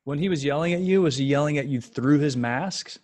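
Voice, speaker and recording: A man with a slightly raised pitch co-hosts a casual podcast. He reads a sponsor spot and trades wry, joking asides with his partner. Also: a little fast, a crowd in the background. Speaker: podcast co-host. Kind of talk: casual chat and ad read.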